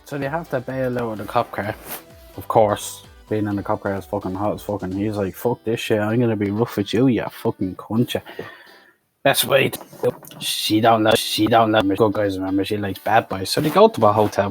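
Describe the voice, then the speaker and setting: A man's voice: on the low side, a little fast, soft background music. A man recapping a film in a rambling, sweary, sarcastic way. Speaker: film reviewer. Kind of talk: profane comedic movie recap.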